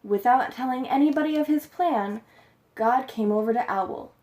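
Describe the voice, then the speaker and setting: A woman's voice: fairly high pitch, normal speed, a little mellow. A woman telling a folktale in a plain, homespun way for a storytelling class. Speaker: student storyteller.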